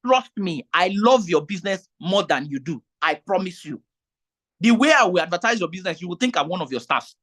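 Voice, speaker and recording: A man's voice: high-pitched, animated, brisk, fairly bright tone. A man speaks as an event MC in a meeting with vendors. He is emphatic and pleading, and he often repeats himself and circles back to the same appeal. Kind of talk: meeting talk.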